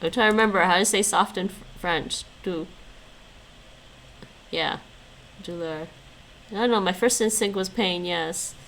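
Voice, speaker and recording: A woman's voice: on the low side, measured pace, long pauses, a bit bright, slight background noise, poor audio. A woman streaming her language practice, repeating words after an app and chatting casually with viewers, often laughing. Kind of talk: casual chat while practising vocabulary.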